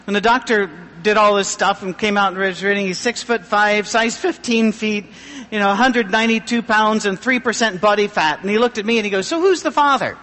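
A middle-aged man pastor giving a humorous, self-deprecating sermon with a thin, high voice. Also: fairly even intonation, brisk, pushed and bright, in a large hall.

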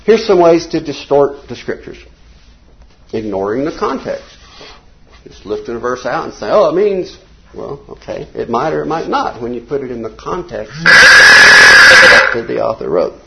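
A man teaching an informal Bible class from slides, rambling between points and reading quotes slowly and emphatically. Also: medium pitch, huge pitch swings, gravelly, pushed and bright, a little hiss or hum. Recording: dull lo-fi recording.

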